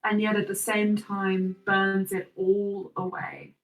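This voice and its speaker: A woman narrating a tabletop role-playing game as game master, in slow, measured second-person description. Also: mid-range voice, completely flat delivery, roomy sound, far from the mic, rough recording.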